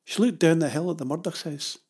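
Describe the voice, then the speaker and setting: A narrator reading a children's adventure story in a steady, measured way, with a husky voice. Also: medium pitch.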